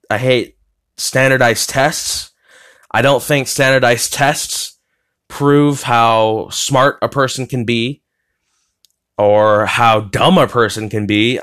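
Recording his podcast in his bedroom, a young man from the United States talks solo in a loose, rambling way, with lots of filler words, false starts and cursing. His pitch is medium and his tone fairly bright.

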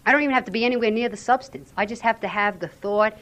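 A woman's voice: a little high, quick pace, fairly bright tone. Frank, earnest woman sharing her recovery story. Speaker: speaker sharing at a recovery fellowship weekend. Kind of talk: personal recovery share. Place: weekend retreat venue.

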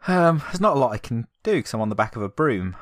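A man's voice: medium pitch, very animated, fast, no room sound. A man playing a tabletop game, wry and mischievous as he plans his move. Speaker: player. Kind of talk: casual tabletop game chat.

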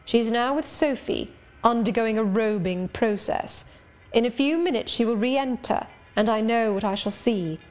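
A woman reading the part of a brooding, sardonic middle-aged gentleman in an audiobook, speaking in a measured, wry, confiding way. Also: on the high side, natural voice.

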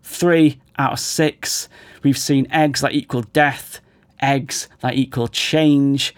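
Hoarse man podcasting, dry sound. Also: mid-range voice, steady tone, slow pace, no room sound. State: losing his voice. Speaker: podcast host. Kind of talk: analytical commentary.

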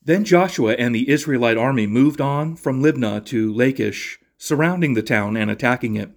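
A man reading a Bible passage aloud in a steady, measured cadence, then giving a short devotional reflection and prayer as a podcast host. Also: medium pitch.

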